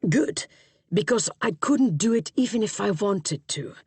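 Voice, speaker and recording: A man's voice: high-pitched, lively intonation, unhurried, darkish tone, breathy edge, dry recording, voice pushed up, heavily acted. A woman voicing a male police chief who talks in a dry, matter-of-fact way. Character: Interpol chief, male boss, brisk and political.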